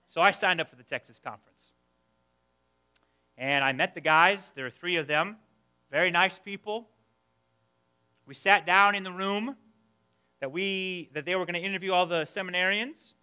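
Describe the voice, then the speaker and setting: A young adult man preaching a sermon, telling a personal story in an animated way and acting out his own past complaints. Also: high voice, a little slow, pauses often, smooth. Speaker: pastor.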